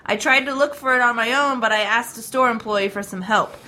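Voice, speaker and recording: A woman co-hosting a podcast who reads out listener emails and banters along the way. Her voice is fairly high and very bright, and her delivery is bubbly and quick to laugh. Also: a little hiss or hum. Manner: bubbly, excitable, laughs a lot. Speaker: podcast co-host. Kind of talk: casual chat, reading listener emails.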